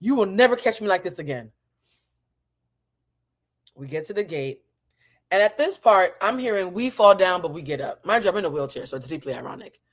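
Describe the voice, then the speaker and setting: A woman hosting her channel, telling a story in an animated, profane, dramatic way. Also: mid-range voice, fairly quick, pauses often. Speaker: host. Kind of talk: casual comedic storytelling.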